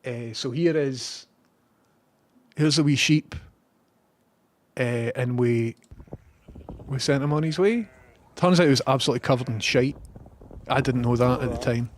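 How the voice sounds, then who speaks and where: A man's voice: mid-range voice, unhurried, pauses often, a little hiss or hum. A man with a Scottish accent, a live streamer telling a rambling story and reading out viewer messages.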